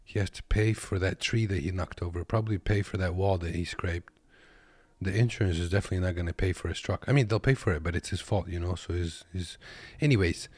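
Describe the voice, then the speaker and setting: Deep-voiced and fast, a man from Kazakhstan who drives trucks delivers joking, relaxed reaction commentary at his desk, greeting viewers as "boys." The tone is darkish and the recording dry.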